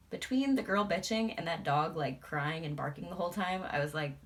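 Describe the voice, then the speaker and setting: Low-voiced chatty woman vlogger. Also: brisk, hardly any pauses. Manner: chatty, swears freely, laughs often. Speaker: beauty vlogger. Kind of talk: casual chat while doing makeup.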